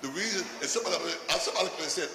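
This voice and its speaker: A man's voice: high-pitched, lively intonation, very fast, sharp tone, recorded from a distance. A man doing a stand-up routine for a live audience, punchy and laughing through his own lines as he jabs at the crowd. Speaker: stand-up comedian. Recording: echoey hall with audience noise.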